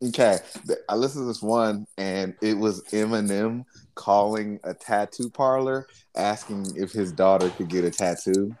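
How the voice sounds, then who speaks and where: Man, casual podcast chat, animated storytelling, slips into voices, faint background hiss. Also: on the low side, normal speed, few pauses. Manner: animated storyteller, acts out prank-call voices. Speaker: podcast co-host.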